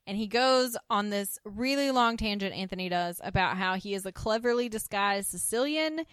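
A woman's voice: mid-range voice, moderate pace, hardly any pauses, smooth, no echo. Woman recapping a TV episode, dry sound. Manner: acts out characters' lines with lively voice shifts. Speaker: podcast co-host recapping a TV episode. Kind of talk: casual chat.

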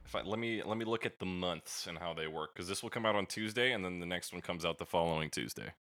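Wry low-voiced man hosting a podcast. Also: fast. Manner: wry, deadpan jokes. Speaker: podcast host. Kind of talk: casual comedic podcast chat.

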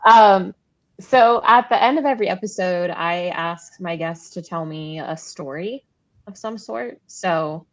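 A woman's voice: fairly low pitch, a little slow. A woman hosting a podcast, giving short encouraging replies and asking her guest for a story. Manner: brief encouraging backchannels. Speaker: podcast host. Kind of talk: casual interview.

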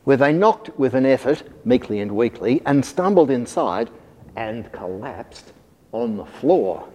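Male storyteller, expressive sing-song delivery, lively pitch, mellow tone, in a reverberant hall. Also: slow pace. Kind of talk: rhyming storybook read-aloud.

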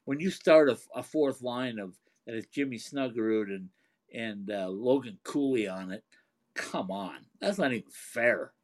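A man's voice: medium pitch, animated, a little slow. A man co-hosting a casual hockey talk show, chatty and laughing as he tells stories. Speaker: hockey broadcaster, co-host.

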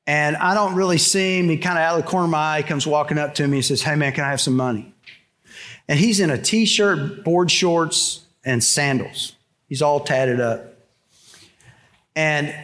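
During his sermon, an older pastor recounts a story casually, stopping and restarting as he goes. Quoted lines come out soft and low.

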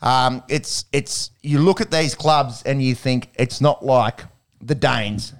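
An Australian man talks through sports results in loose, rambling chat full of slang. His voice is smooth and clear. He sounds relaxed and conversational, like a regular podcast host. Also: mid-range voice, slow.

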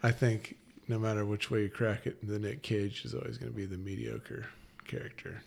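A man in his thirties, a firefighter-paramedic guest, chatting casually and excitably, often repeating words as he starts a thought. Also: lowish voice, normal speed, vocal fry, slight background noise. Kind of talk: casual chat.

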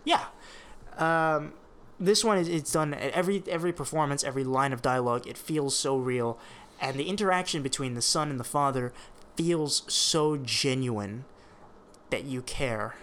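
A man chatting casually as a podcast co-host, animated and swearing freely while he reviews a show. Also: mid-range voice, moderate pace.

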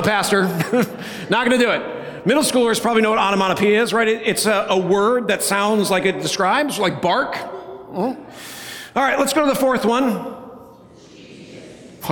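A man preaching a sermon in a playful, conversational way, often checking in with the congregation. His voice sits high for a man. It rings out in a large church hall with a long reverb tail. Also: fairly bright tone. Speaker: pastor.

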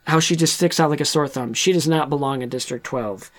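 A man's voice: a little high, brisk. A man co-hosting a podcast, recapping a movie in a loose, rambling way. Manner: rambling, loose, with restarts and acted-out quotes. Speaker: podcast co-host. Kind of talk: casual movie recap chat.

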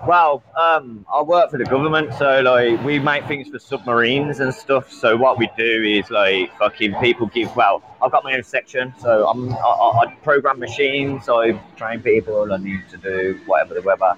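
A man's voice: medium pitch, normal speed, hardly any pauses, muffled recording, background noise. A man with a British accent, a guest on a livestream, chatting crudely and swearing constantly. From Britain. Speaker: guest precision engineer. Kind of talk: casual crude banter on a livestream.

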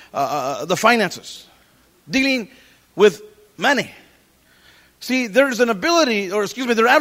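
A middle-aged man preaching a sermon as pastor, animated, quoting scripture and cracking jokes. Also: sits high.

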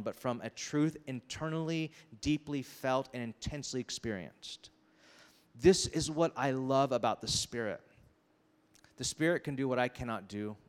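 A man preaching a sermon in a large hall, his voice trailing off into a long reverb. He talks casually and with energy, acting out quotes and characters with quick asides to the congregation. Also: medium pitch. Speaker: pastor.

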